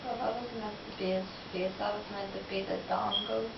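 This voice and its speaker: A woman's voice: medium pitch, level tone, brisk, gravelly. A young woman cosplayer in casual chat, explaining her drawing in a dry, matter-of-fact way. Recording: echoey room, far from mic, dull lo-fi with hiss.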